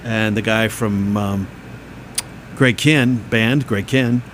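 A man's voice: fairly low pitch, fairly even intonation, takes it slowly, a bit bright, slight background noise. A man co-hosting a podcast, chatting casually and rambling, with frequent laughs. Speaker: podcast co-host. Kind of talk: casual chat.

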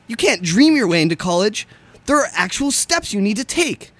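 A man's voice: high-pitched, sing-song, moderate pace, dry recording, voice pushed up, exaggerated voice. A man putting on a peppy ad announcer. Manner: loud, bouncy hard-sell delivery. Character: peppy adult male ad announcer. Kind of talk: mock radio ad read.

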